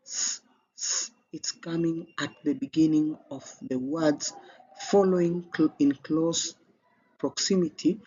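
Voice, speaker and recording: A man's voice: fairly high pitch, darkish tone, breathy edge. A man with a Kenyan English accent, teaching an exam revision lesson step by step and lifting his voice at each new question. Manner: explains step by step with a rising, emphatic lift at each new question. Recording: slightly dull, with faint background noise.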